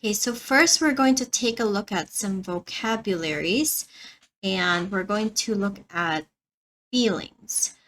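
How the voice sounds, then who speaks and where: A woman leads a beginner English lesson, taking her time and saying each word with care. Her pace is very slow and her tone is bright and clear, and she repeats phrases so learners can follow. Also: mid-range voice, rough recording. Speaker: English teacher.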